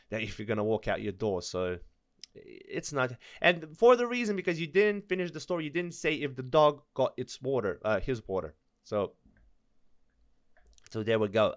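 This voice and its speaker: A man with a middle-pitched voice reads creepy stories aloud, stumbling over the text and cutting in with nervous jokes and laughter. The sound is close and dry, with no room around it. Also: no echo. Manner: nervous, stumbling reader who laughs and breaks in with asides. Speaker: storyteller reading online stories. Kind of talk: reading aloud with joking commentary.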